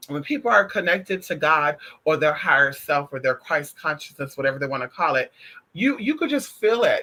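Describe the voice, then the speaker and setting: A man chatting casually on a stream, sassy and animated, calling listeners honey and girl, swearing freely as he tells stories. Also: a little high, a little fast. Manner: profane and emphatic. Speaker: spiritual vlogger. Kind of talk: casual livestream chat.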